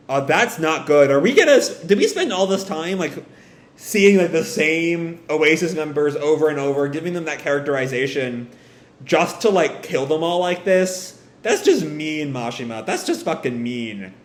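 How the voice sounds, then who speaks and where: A man reading a comic aloud and reacting as he goes, casual and animated, with some swearing. His voice sits fairly high and swings a lot. The room around him is noticeably echoey. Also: moderate pace.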